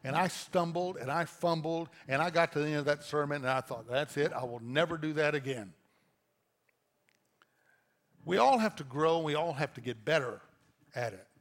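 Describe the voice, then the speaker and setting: A man preaching a sermon as pastor, conversational and animated, telling stories and acting out little quoted lines. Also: on the high side, fairly quick.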